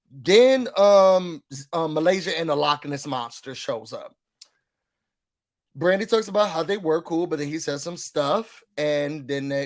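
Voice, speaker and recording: A man giving casual recap commentary on a reality show, sassy and animated, repeating words for emphasis. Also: on the high side.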